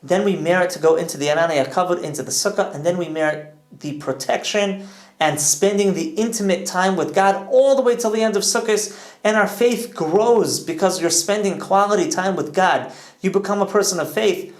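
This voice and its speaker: A man's voice: sits high, moderate pace. A man in his thirties giving an informal, earnest Torah lesson, full of enthusiasm and sprinkled with Hebrew and Yiddish terms. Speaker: Torah teacher. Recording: echoey room.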